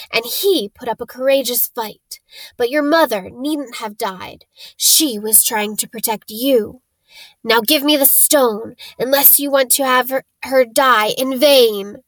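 A chilling, high-pitched dark lord who hisses his words out slowly and with menace, put on by a woman reading a storybook. His voice sounds thin and otherworldly, drawn out with cold patience before it rises into shrieks. The recording is close and dry. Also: no echo, low-quality recording. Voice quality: high, hissing, slow and menacing. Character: evil male dark lord, a face on a head.

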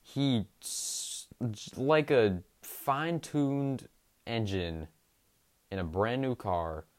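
A young man hosting a sports podcast, recapping games in an enthusiastic, emphatic way with drawn-out stresses. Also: on the low side, a little mellow.

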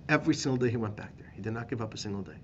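A man, a rabbi teaching a class, telling a story with animated emphasis and repeated phrases. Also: lowish voice, very fast, highs cut off, slight background noise. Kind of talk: storytelling lesson.

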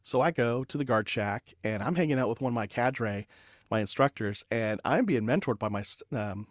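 A man in his forties, a podcast guest and leadership consultant, telling an anecdote in a lively, conversational way with fillers. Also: mid-range voice, normal speed, no room sound, studio quality. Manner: animated anecdote telling with laughs and filler words. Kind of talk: conversational storytelling.

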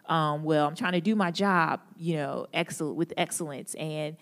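A woman's voice: deep voice, normal speed, fairly bright tone. Young woman giving a casual devotional talk. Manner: casual and relatable, joking and laughing often. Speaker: speaker at a church or campus gathering. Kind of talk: conversational devotional talk opened with prayer. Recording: echoey hall with long reverb.

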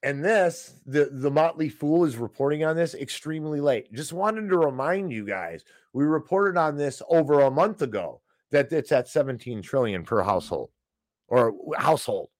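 A man's voice: on the high side, animated, moderate pace, dry recording. A man hosting a financial news show, giving sarcastic, ranting commentary on economic headlines and peppering it with "okay?" asides.

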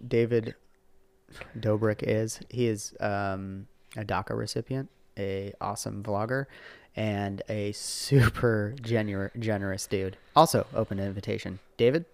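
A middle-aged man hosting a casual podcast as a father, talking in an animated, rambling way full of fillers and restarts. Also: on the low side, a little slow, creaky, no room sound.

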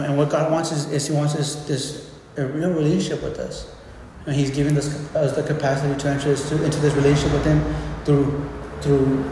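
A man preaches in a loose, conversational way, stumbling over and repeating words as he works through his point. His voice sits a little high for a man and rings out in a big, echoing hall with long reverb. A faint murmur of room ambience hangs behind him. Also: a little mellow, slight background noise. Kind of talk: informal sermon.

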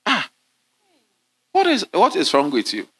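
A man preaching a sermon as a bishop, calling out to his congregation and sometimes dropping into low murmurs. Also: wildly swooping pitch, measured pace, pushed and bright, slightly rough. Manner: call-and-response preaching, drops to low murmurs at times. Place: large church hall.

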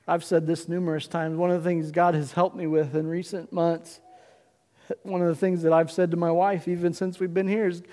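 A man's voice: high-pitched, steady tone, moderate pace, dark tone. A male pastor preaching a sermon, telling a story dramatically and acting out the characters' voices. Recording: long hall reverb.

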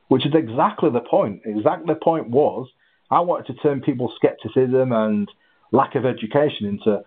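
A husky-voiced man telling his story in an interview, animated, with halting restarts. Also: medium pitch. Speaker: guest, ultra runner. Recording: tinny phone-like line.

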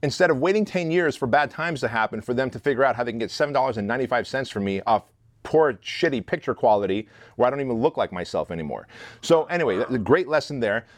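A man's voice: mid-range voice, expressive, fast talker, no room sound, studio quality. A man telling a story as an interview guest, blunt and profane, speaking animatedly about leading a team. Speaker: guest, leadership instructor.

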